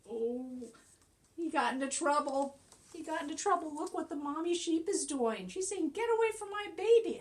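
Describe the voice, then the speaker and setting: A woman teacher reading a picture book aloud to young children, animated and coaxing, often asking them questions. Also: mid-range voice.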